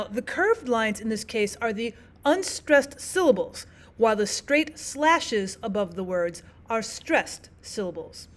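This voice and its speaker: A woman with a voice on the high side teaches a recorded lesson. She explains terms step by step, clearly and methodically, and repeats the key points.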